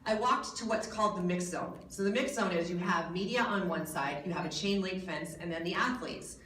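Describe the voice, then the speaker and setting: An American woman in her forties gives a keynote speech to a crowd in a hotel hall, with a voice that sits a little low for a woman. She tells her story in a jokey way and pokes fun at herself. She is heard from some way off the mic, and the hall gives her voice a lot of echo. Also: brisk, fairly bright tone, slight background noise. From United States. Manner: jokey, self-mocking storytelling. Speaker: guest speaker. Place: large hotel event hall. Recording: echoey hall from a distance.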